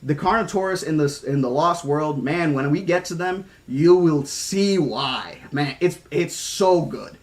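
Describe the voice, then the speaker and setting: A man reading a novel aloud on stream, chatting excitedly with viewers between passages. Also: a little high, a little slow, few pauses. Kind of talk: audiobook reading with chat shout-outs.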